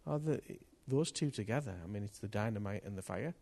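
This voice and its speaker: A man's voice: lowish voice, lively intonation, a little fast, gravelly. Impassioned male preacher. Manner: impassioned, rising to loud outbursts. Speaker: pastor. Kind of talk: sermon. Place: church hall with congregation.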